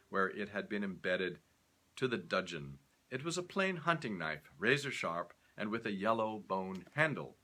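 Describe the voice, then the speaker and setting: A man reading a short story aloud, expressive and acting out each character. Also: on the low side.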